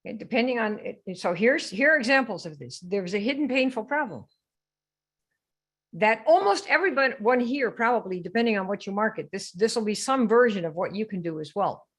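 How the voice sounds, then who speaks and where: A woman's voice: medium pitch, expressive, brisk, fairly bright tone, husky. A woman hosting a live sales training stream, brash and teasing as she quizzes her viewers. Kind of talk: lively live-stream coaching.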